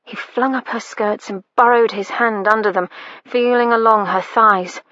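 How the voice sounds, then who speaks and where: Woman audiobook narrator, slow measured reading, bright tone, dry lo-fi close mic. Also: fairly high pitch, fairly even intonation, no room sound. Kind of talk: scripted narration.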